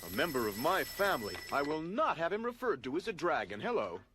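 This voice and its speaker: A man voicing a pompous gentleman in an animated film who dotes on a baby dragon and is quick to take offence. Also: a little high, slight background noise. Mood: indignant. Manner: fussy, indignant and fond by turns. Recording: film clip with music behind.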